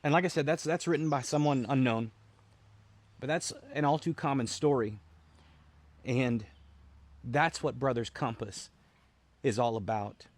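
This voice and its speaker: A man, a military veteran, telling a personal story in an earnest, halting way, often repeating words as he restarts. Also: medium pitch, no echo. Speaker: military veteran, founder of a veterans' support group.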